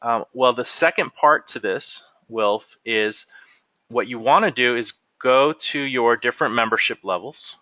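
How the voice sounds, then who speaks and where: A man guides viewers through a software walkthrough one step at a time, with a bright, forceful tone. The sound is dry and close, with no room echo around it. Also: medium pitch, a little slow. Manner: explains step by step while clicking through. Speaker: software trainer. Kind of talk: screen-share software walkthrough.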